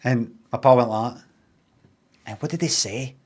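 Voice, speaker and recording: A man's voice: medium pitch, normal speed. A Glaswegian man casually telling a rambling, sweary story, acting out what people said in changed voices. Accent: Glaswegian Scottish. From Scotland.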